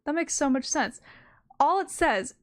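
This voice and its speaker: A woman's voice: high voice, lively intonation, measured pace. A young adult woman streamer casually telling a rambling, self-mocking story, swearing freely along the way.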